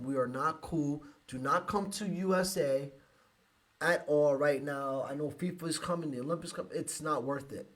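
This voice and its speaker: A man from the United States hosting a live podcast, speaking emotionally with halting restarts and sighs. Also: a little high, fairly bright tone. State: emotional, close to tears. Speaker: podcast host.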